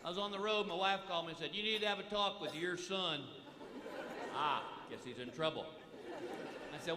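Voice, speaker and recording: A middle-aged man doing a live stand-up routine, telling exasperated family stories broken by high yelping outbursts. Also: brisk, long pauses, background noise. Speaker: stand-up comedian. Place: large theater stage before a live audience. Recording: echoey hall, loud audience laughter. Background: loud crowd laughter and applause.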